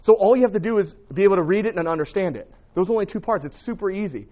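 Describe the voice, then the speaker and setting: High-voiced man teaching a Bible class. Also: animated, racing, muffled recording. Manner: conversational, quizzes the class and keeps asking "right?".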